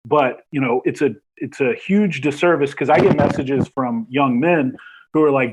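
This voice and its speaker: A man's voice: mid-range voice, moderate pace, husky, low-quality recording. A man hosting a podcast interview, talking casually and rambling with many fillers. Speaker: podcast host.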